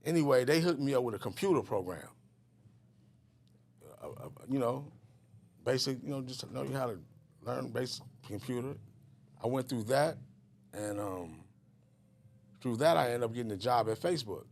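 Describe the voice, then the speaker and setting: A man's voice: medium pitch, expressive, normal speed, creaky, pauses often, darkish tone. A middle-aged man from Richmond, California, a guest telling his life story in a rambling, casual way with many fillers and restarts.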